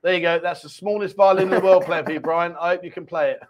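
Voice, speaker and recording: A man's voice: sits high, steady tone. A man hosting a live chat show, reading out viewer comments with teasing, jokey banter. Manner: jokey, teasing, quick laughs. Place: Pattaya, Thailand.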